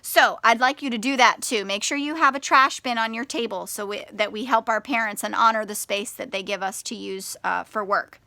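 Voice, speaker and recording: A woman teaching young children in a video lesson, speaking slowly and clearly and stretching out words syllable by syllable. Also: mid-range voice, bright, forceful tone, no echo.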